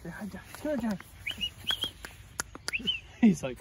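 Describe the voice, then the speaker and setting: Off-camera helper outdoors: quiet, lively-pitched coaxing of a dog over clear background noise. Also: moderate pace, distant mic. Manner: soft coaxing calls to a dog. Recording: noisy outdoor recording.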